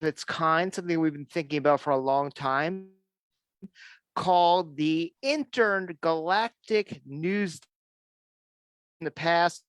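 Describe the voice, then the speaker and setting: A man's voice: a little high, slow, pauses often, fairly bright tone, clean tone, no room sound. Male fan-show host; enthusiastic, loose, chatty delivery, dry recording. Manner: rambling, enthusiastic, with frequent restarts. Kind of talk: casual online show chat.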